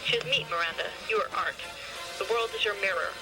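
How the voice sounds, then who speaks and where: A woman's voice: medium pitch, fairly quick, music in the background, close to an everyday voice, rough recording. A haughty, snide male fashion designer speaking with lofty contempt. A woman reads him. His lines come from a storybook reading.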